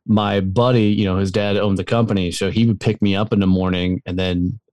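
A middle-aged man telling relaxed stories as a podcast guest. His voice sits fairly low, and his manner is chummy and easygoing. The sound is dry and close to the mic. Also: fairly quick, no room sound. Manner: easygoing, chummy, calls the host dude and brother. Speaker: podcast guest, Marine veteran and entrepreneur. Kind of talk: casual storytelling interview.

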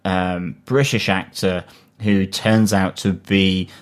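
Enthusiastic male podcast co-host with a lower voice, rambling with filler words. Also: level tone, slow. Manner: chatty, enthusiastic, many fillers. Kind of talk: casual chat.

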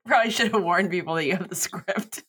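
Bright husky-voiced woman chatting. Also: lowish voice, quick pace. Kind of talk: casual chat.

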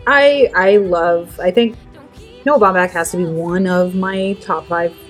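Woman podcast guest, lower register, earnest film chat, light music underneath. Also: measured pace. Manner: animated, earnest, talks at length. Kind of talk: casual film discussion.

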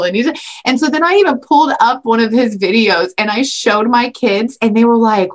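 A woman's voice: a little high, fairly quick. Gushing, enthusiastic woman podcast co-host. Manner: gushing, enthusiastic storytelling with frequent "like". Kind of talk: casual podcast chat.

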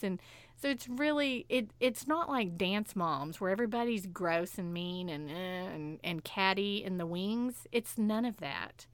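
A woman's voice: mid-range voice, expressive, a little slow, clear, resonant tone, no echo. A woman co-hosting a podcast, chatting casually and animatedly about shows and laughing often. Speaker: podcast co-host. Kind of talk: casual chat.

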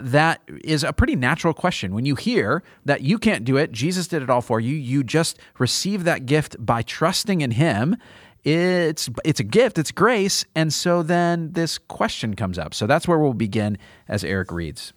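A man who is a teaching pastor, explaining a Bible passage in a measured, conversational way on a podcast. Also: on the high side, big pitch swings, no echo, clean studio sound. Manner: measured, explanatory, leans on "kind of".

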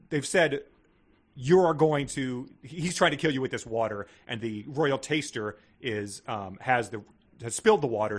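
A man's voice: mid-range voice, fairly bright tone, slightly rough. A man co-hosting a podcast, making dry, wry remarks in casual comic chat. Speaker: podcast co-host.

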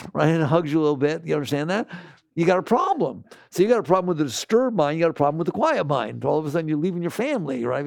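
Spiritual teacher, man, slightly high and very lively delivery, keeps questioning the audience. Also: vocal fry, dry recording, studio quality. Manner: animated, slips into mocking quoted voices. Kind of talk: lecture to a live audience.

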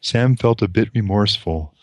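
A man with a very deep voice reads a novel aloud and reflects on it in a slow, measured way, pausing often. The sound is dry and close, with no room in it. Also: dry recording. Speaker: priest.

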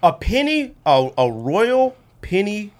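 A man's voice: high-pitched, big pitch swings, takes it slowly, a little mellow. A man hosting a podcast, talking in casual, argumentative banter and laughing often. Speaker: podcast host.

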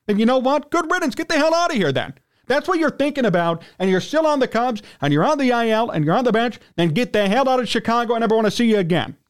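Very animated and fast, a high-voiced male sports radio host tears into an angry, indignant rant about his team. He keeps clearing his throat as he goes.

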